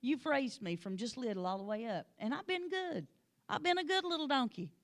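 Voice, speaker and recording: A woman's voice: high-pitched, animated, fairly quick. A woman voicing a frightened talking donkey that pleads with and scolds its rider. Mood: pleading. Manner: pleading, exasperated.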